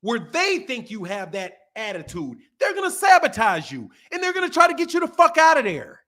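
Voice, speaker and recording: A man's voice: very high voice, huge pitch swings, brisk, pushed and bright. A man hosting a casual podcast, ranting emphatically and swearing a lot. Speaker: boxing channel host. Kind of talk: casual profane podcast rant.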